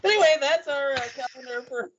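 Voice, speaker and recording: A woman's voice: sits high, expressive, fast talker, fairly bright tone, lo-fi sound, a little hiss or hum. A woman co-hosting a podcast, chatting casually in a dry, offhand way with wry asides. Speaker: podcast co-host. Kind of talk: casual chat.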